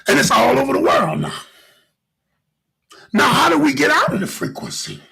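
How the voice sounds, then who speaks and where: A middle-aged man hosting a podcast, talking in an animated, preachy way with lots of repetition. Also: very high-pitched, moderate pace, vocal fry, low-quality recording. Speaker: podcast host. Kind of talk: casual podcast monologue.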